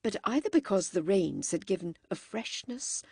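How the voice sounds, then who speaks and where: A woman narrating an audiobook with an expressive, animated reading on a close microphone. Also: medium pitch, normal speed, slightly rough, dry recording.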